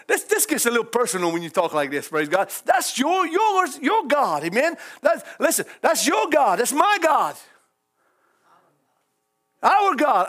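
A man's voice: sits high, a bit bright. A man with a Cajun accent preaching a folksy sermon, often breaking into hallelujahs and chuckles. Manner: folksy, exclaims praise God and hallelujah often; chuckles often between lines.

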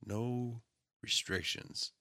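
A man's voice: medium pitch, steady tone, extremely slow, pushed and bright, a little hiss or hum. A man co-hosting a podcast, dropping dry wisecracks into casual chat. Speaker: podcast co-host. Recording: music playing underneath.

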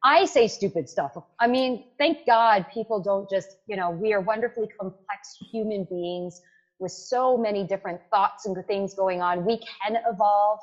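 A woman in her forties from Canada, speaking as a guest in a casual interview. She talks with lively energy in a mid-range voice. The sound is a little dull and lo-fi. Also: medium pitch, moderate pace. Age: 40s. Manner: energetic, lively, frequent "like" and "right?". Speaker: guest, tech executive.

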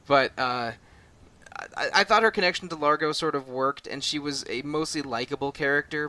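Bright-voiced man chatting about games. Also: mid-range voice. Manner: hesitant, repeats words, frequent fillers. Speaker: podcast co-host. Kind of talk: casual game discussion.

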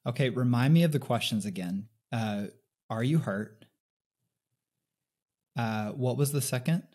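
A man's voice: medium pitch, expressive, unhurried. A man hosting an interview, talking casually with frequent stammering restarts. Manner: warm, chatty, stammering restarts. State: emotional, sniffling. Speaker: podcast host.

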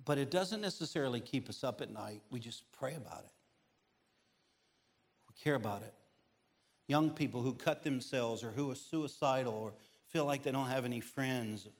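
Middle-aged male pastor, sermon delivery, comic storyteller with sudden bursts of energy. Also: moderate pace. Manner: animated, humorous storytelling with big swings in pitch and loudness. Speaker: guest pastor. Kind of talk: sermon with personal stories.

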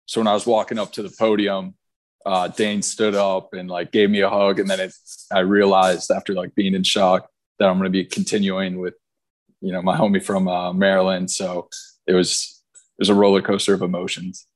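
Low-voiced young man telling a story. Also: normal speed. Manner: relaxed storytelling with fillers and repeats. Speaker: pro soccer player, guest. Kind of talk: casual interview answers.

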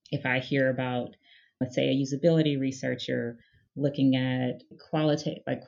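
A woman's voice: extremely low pitch, warm tone, highs cut off. A woman guest in an interview, explaining her research team in a thoughtful, conversational way with frequent fillers. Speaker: guest, head of user research.

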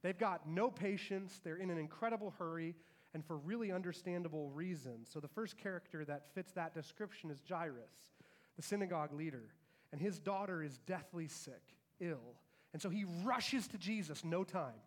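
High-voiced man preaching a lively sermon. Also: moderate pace. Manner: animated storytelling, acting out quoted lines. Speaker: pastor.

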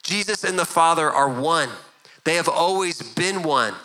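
A man's voice: fairly high pitch, unhurried, pushed and bright, rough recording. A middle-aged man preaching a sermon as a pastor, earnest and conversational, often repeating words as he goes.

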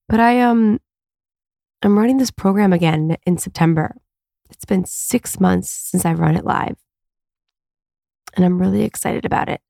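A woman, a podcast host and coach, delivers a casual solo monologue on her own podcast from home, earnest, confessional and rambling with lots of fillers. Her mid-range voice is steady, gravelly and warm, a little slow, with frequent pauses. The sound is clean studio quality with no room sound.

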